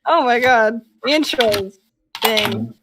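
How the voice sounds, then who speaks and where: A woman voice actor in a casual group call chat, excited and gushing. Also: a little high, slow pace, heavy background noise.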